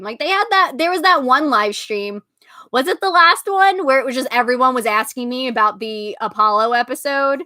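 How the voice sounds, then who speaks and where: A young woman hosts her own live stream, chatting casually in a high-pitched, sharp voice. She giggles often and fills her talk with "like" and laughter. The recording is dry and studio quality.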